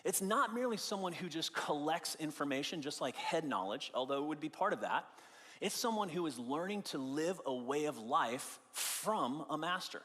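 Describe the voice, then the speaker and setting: Higher-voiced male pastor in a reverberant hall. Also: animated, moderate pace, a bit bright. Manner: conversational, explaining with everyday examples; emphatic, repeating key phrases. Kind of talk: sermon. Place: church sanctuary.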